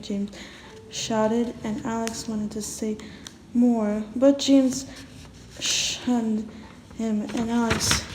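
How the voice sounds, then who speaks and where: Slow-talking woman telling a story. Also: on the high side, dark tone, echoey room, slight background noise, poor audio. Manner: chatty, restarting words, talking to the viewer. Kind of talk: casual story narration.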